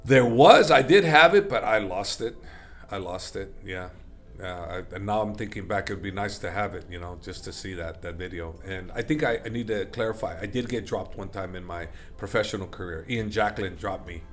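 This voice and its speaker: Middle-aged man, lowish voice, casual rambling storyteller, lots of fillers and self-corrections; interview guest. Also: moderate pace. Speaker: interview guest, MMA coach.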